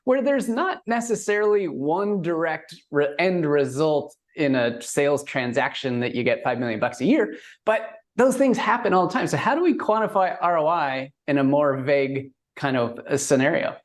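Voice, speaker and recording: A man's voice: fairly high pitch, animated, normal speed. A man hosting an interview, speaking conversationally as he frames questions for his guest. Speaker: podcast host. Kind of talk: casual interview.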